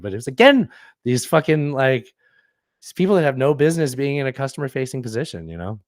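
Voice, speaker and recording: A man's voice: medium pitch, big pitch swings, brisk, no room sound, studio quality. A man in his forties co-hosting a podcast, telling rambling, profane stories in casual chat. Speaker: podcast co-host.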